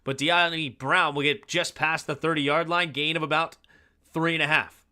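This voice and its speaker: A man on a home livestream calling a football game play by play, his voice very bright and slightly high. He keeps up a steady call and breaks into loud, excited reactions on big plays. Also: normal speed. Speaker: fan livestream host doing play-by-play. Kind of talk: live play-by-play and analysis.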